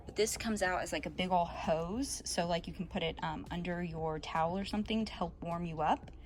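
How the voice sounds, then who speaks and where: A woman's voice: lowish voice, a little fast, slight background noise. Chatty woman vlogger, slightly breathless. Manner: chatty, filler-heavy, self-correcting. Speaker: vlogger giving a boat tour. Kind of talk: casual walkthrough. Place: on a boat.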